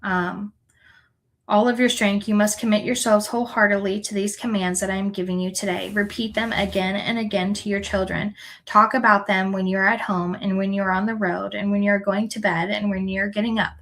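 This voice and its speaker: A woman reads scripture aloud at a mid pitch, earnest and unhurried. She corrects the odd stumbled word and keeps going. Her delivery is plain and sincere rather than theatrical. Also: level tone, fairly bright tone, rough recording. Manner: earnest, unhurried reading with small self-corrections. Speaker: scripture reader.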